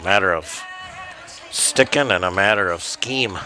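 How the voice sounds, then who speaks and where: A man giving color commentary on a high school football game, wry and teasing in his banter. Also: measured pace, loud music behind the voice. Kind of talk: joking sports color commentary.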